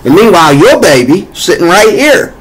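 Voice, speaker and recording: This man from the United States has a high, husky voice and is very animated as he vlogs at a moderate pace. His political opinion rant is rambling and repetitive, packed with fillers, and it grows heated. The audio is poor.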